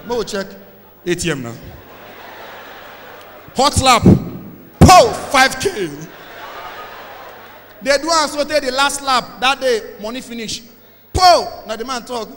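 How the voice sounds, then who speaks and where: Loud, bright-voiced Nigerian male comedian. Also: extremely high pitch, animated, slow pace, pauses often. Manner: loud, shouting punchlines. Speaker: stand-up comedian. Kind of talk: stand-up comedy in Nigerian Pidgin. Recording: hall reverb with background noise.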